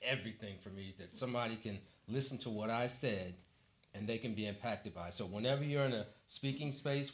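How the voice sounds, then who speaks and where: In an echoey church hall with faint background noise, a Toastmasters club president from Washington, D.C., delivers a motivational speech in a medium-pitched voice. Humorous stories lead up to a preacher-like finish.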